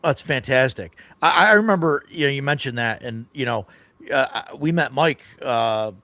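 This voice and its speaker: A man's voice: medium pitch, normal speed, pushed and bright, dry recording. A man hosting a casual tabletop gaming chat, telling stories in a rambling way and often laughing. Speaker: podcast host.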